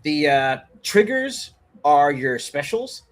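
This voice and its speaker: A man's voice: fairly high pitch, big pitch swings, takes it slowly. A man co-hosting a fighting game stream, explaining controls and mechanics casually with many fillers and chuckles. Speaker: co-host. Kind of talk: casual gameplay chat.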